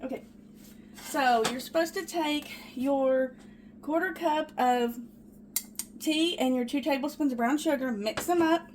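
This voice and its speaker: Her voice sits high and her pace is measured, though the background is noisy. This home cooking vlogger bakes in a small kitchen, chatty and excitable, calling her viewers "guys" as she casually demonstrates.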